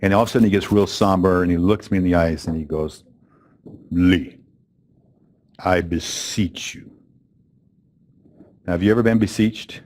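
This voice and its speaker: A man's voice: deep voice, fairly even intonation, racing, few pauses, darkish tone. A middle-aged man telling a story to a live training audience, chatty and conversational, with fillers and self-corrections. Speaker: speaker opening a training event. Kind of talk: storytelling keynote talk.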